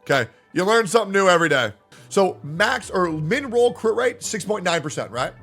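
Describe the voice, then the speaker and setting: A man's voice: high voice, big pitch swings, normal speed, fairly bright tone, soft background music. A male livestreamer who argues with his chat and swears a lot. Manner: argumentative, profane, talks back to chat. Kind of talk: live-stream chat reacting to viewers.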